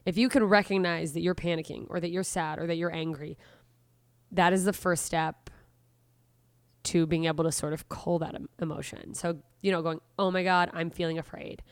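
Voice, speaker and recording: A woman's voice: fairly low pitch, fairly even intonation, normal speed, clean tone, dry recording. A woman hosting a solo podcast, talking casually and rambling, correcting herself as she goes and acting out inner voices. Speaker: podcast host.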